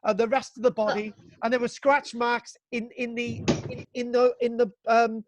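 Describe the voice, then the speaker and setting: A man from Britain teaching archaeology to young students over a video call, excitable and jokey, mock-exasperated, tagging "right?" onto his sentences. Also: very high-pitched, moderate pace, lo-fi sound, background noise. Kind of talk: live online class.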